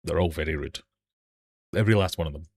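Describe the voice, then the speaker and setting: A man's voice: very deep voice, quick pace, darkish tone. A man with a British accent hosting a live-stream quiz from his fish room, reading questions and joking with the chat. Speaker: quiz host.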